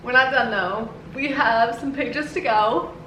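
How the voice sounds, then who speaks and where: A woman's voice: on the high side, measured pace, pushed and bright, reverberant, slight background noise. A woman book vlogger reacting emotionally as she reads at home, laughing and near tears while talking to herself and the camera. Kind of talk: emotional reading vlog reactions.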